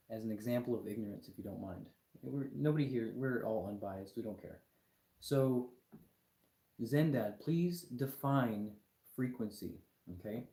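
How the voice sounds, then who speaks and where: A man's voice: mid-range voice, mellow, reverberant. A young man hosting a live stream, lecturing his chat viewers in an argumentative, mocking way. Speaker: livestream host.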